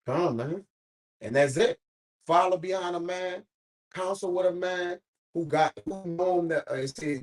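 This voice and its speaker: A man's voice: high voice, moderate pace, low-quality recording. A man leading an informal Bible study, preaching emphatically and swearing casually as he talks.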